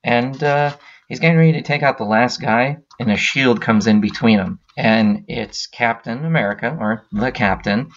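A man's voice: mid-range voice, moderate pace, dull audio. A man hosting a podcast, casually retelling a story in a rambling way with many filler sounds. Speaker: podcast host.

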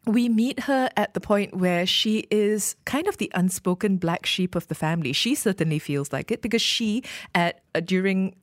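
A woman's voice: mid-range voice, moderate pace, no room sound, studio quality. A woman co-hosting a radio film review show, chatting enthusiastically. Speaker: radio co-host.

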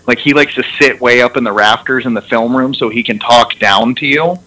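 A young man in casual chat, telling lively stories with laughter and frequent restarts, heard over a radio broadcast. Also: mid-range voice, brisk, rough recording. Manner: animated storyteller, laughs a lot, restarts. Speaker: former football player guest.

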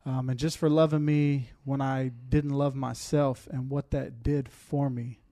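A man gives a heartfelt personal testimony in a casual, chatty way, his voice mellow and dark. His pitch stays flat and steady as he pauses with fillers and holds back tears.

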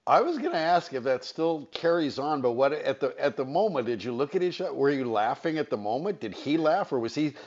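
A man's voice: on the high side, animated, brisk, few pauses, darkish tone, dull audio. A man from the San Fernando Valley hosting a sports radio interview, asking long, chatty questions. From San Fernando Valley, California. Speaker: radio show host.

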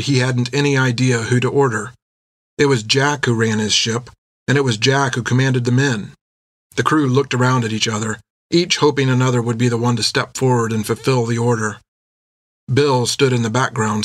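A man reading an adventure novel aloud in steady, measured scripted narration. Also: mid-range voice, no echo. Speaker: audiobook narrator.

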